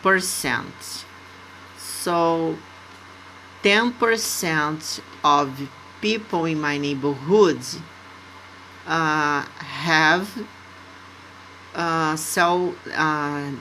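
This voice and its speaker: A woman with a Brazilian Portuguese accent gives an English lesson in a low voice. She dictates words and example sentences at an unhurried, deliberate pace. A faint noise sits under the recording. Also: bright, forceful tone, rough recording. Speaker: English teacher.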